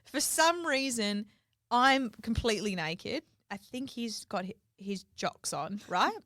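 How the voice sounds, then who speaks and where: A woman's voice: fairly high pitch, lively intonation, slow pace, fairly bright tone, no echo, studio quality. A young woman, co-hosting a podcast and telling a story in casual chat, swearing freely and acting out quotes. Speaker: podcast co-host.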